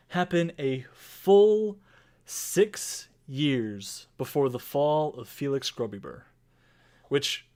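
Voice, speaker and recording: Guy running a tabletop game, middle pitch, rambling, loose delivery. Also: a little mellow. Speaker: game master.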